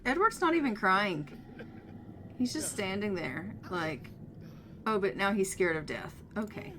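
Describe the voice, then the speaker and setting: A woman's voice: mid-range voice, sing-song, a little slow, very noisy. A woman hosting a gaming video, chatting casually over her play and voicing her characters' reactions. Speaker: gaming channel host. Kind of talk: casual let's-play commentary.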